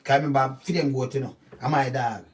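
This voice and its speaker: A man with a Jamaican accent giving casual, animated commentary on a news story, often stopping to ask "see?". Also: medium pitch, a little fast. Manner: animated, repetitive, keeps asking "see?". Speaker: channel host. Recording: voice distant from the mic.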